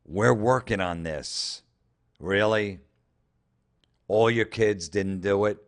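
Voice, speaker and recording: A man with a lowish voice rants through social media posts in comedic commentary. He is sarcastic and openly incredulous, and he swears freely as he mocks each line. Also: slow pace. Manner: sarcastic, incredulous, profane ranting. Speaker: comedian host.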